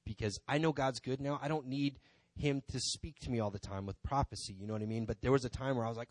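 Guy rambling thru a church testimony, casual, lotta you-knows, mid pitch, dry sound. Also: quick pace, hardly any pauses, no room sound. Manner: rambling and conversational, many "you know" asides. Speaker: church member speaking from the pulpit. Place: church sanctuary.

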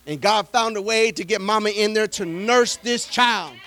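A man preaching with a high voice, retelling a Bible story with lively animation. He acts out the people in the story as he goes and builds up to shouted praise. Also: normal speed, a little hiss or hum. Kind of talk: sermon.

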